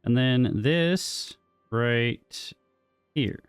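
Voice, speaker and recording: A man's voice: mid-range voice, very slow, clear, resonant tone, no echo, soft background music. A man casually commentating his own gameplay, thinking aloud and joking with the game as he builds. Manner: thinks aloud, jokey, talks to himself and the game. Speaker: gaming streamer.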